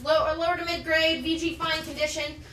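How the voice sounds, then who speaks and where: A high, bright-voiced woman hosts a live comic sale, enthusiastic and chatty as she runs through issues and prices. She sounds a little off-mic in a roomy space. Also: little pitch movement, brisk, far from the mic. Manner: enthusiastic, chatty, rattles off item details. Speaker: host selling comics on a live show. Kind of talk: live sales pitch. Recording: roomy, off-mic, faint background noise.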